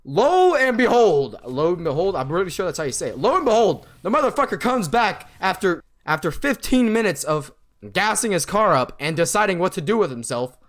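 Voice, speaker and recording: A man's voice: high-pitched, lively intonation, fairly quick, a bit bright. A young man telling a story about his job in a casual, profane, exasperated way, acting out the lines of the people he quotes. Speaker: vlogger.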